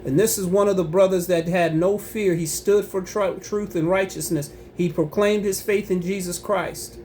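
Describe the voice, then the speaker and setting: A man's voice: high voice, steady tone, normal speed, a little mellow, slight background noise. A man giving impassioned religious commentary on his own channel, emphatic and preachy, repeating himself and breaking into angry rising outbursts.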